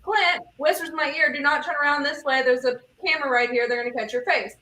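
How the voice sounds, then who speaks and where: A woman hosting a casual group chat, telling stories quickly and with lots of swearing. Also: high-pitched, bright, forceful tone, reverberant, far from the mic. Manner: fast, profane storytelling. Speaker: podcast host.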